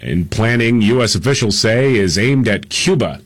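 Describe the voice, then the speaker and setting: A man co-hosting a radio show, reading the day's top stories in a casual way with frequent "uh" pauses and laughs. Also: lowish voice, lively intonation. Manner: laughs often, many "uh" pauses while reading headlines. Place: radio studio.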